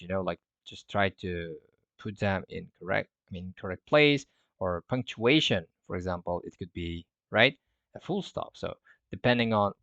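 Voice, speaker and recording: A man with a fairly low voice walks learners through an English lesson in relaxed, rambling speech, often correcting himself. The recording is dry and a bit dull and lo-fi. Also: no echo. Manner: loose, filler-heavy, self-correcting. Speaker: English teacher. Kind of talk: casual explaining lesson.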